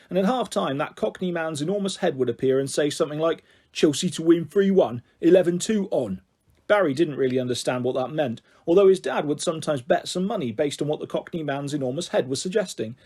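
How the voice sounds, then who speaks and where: A man reading a children's book aloud, expressive and animated. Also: a little high, breathy edge. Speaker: narrator. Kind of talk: audiobook reading.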